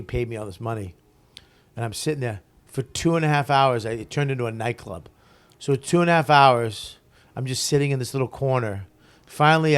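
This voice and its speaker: A male stand-up comedian tells stories in a relaxed interview, swearing freely along the way. He acts out the lines of the other people in his stories as he goes. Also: medium pitch. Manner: profane, animated storyteller who acts out other people's lines. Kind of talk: casual storytelling interview.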